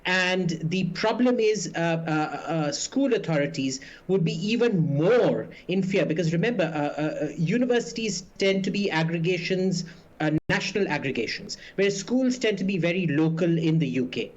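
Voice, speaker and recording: A man's voice: a little high, expressive, moderate pace, dull audio. A man speaking as a guest on a news panel, indignant and full of hesitant fillers. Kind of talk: remote TV debate commentary.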